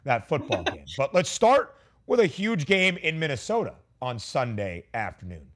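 A man hosting a sports betting talk show, leading a lively, playful segment with his guests. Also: medium pitch, moderate pace.

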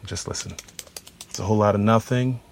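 An actor playing an offbeat federal agent with a dry, wry way of talking. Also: male voice, fairly low pitch, steady tone, brisk, creaky, heavy background noise.

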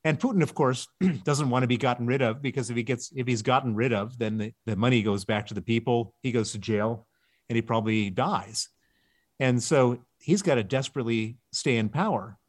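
A man answers questions as a guest author in an interview. He explains emphatically and leans hard on his key words. His voice sits at an ordinary middle pitch. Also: brisk.

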